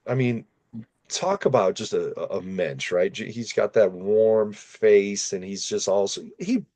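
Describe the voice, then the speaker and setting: Low-voiced man telling a story. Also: a little slow. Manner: animated, self-deprecating storyteller. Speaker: podcast host. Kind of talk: casual storytelling in conversation.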